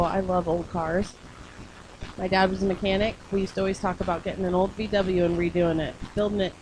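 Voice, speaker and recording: A playful woman co-hosting a live radio show, chatty and teasing at a middle pitch. A faint layer of noise sits underneath her voice. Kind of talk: casual live show chat.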